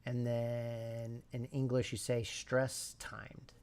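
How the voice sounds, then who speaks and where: A man streaming a language study session, thinking aloud and slowly repeating syllables to practice pronunciation, sometimes dropping to a whisper. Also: mid-range voice, monotone, noisy background. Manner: slow, repeats sounds and syllables, drops to a whisper at times.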